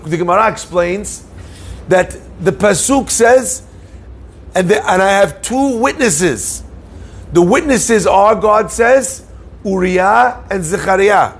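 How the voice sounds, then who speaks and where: A man, a rabbi, giving a Torah class, telling a Talmud story and acting out its dialogue. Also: a little hiss or hum. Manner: storytelling, acts out dialogue with raised pitch. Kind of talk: Torah lecture.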